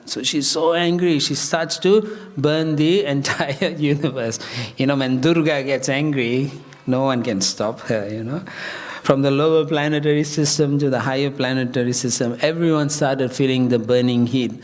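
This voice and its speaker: A male preacher telling a story in a sermon, lively and chuckling often. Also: medium pitch, moderate pace. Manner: chuckles often, lively, peppered with "you know".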